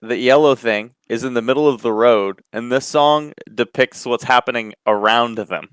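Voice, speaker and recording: A man's voice: medium pitch, normal speed, smooth, no room sound. A man on a podcast, sharing a thoughtful take with a playful edge. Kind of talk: casual podcast chat.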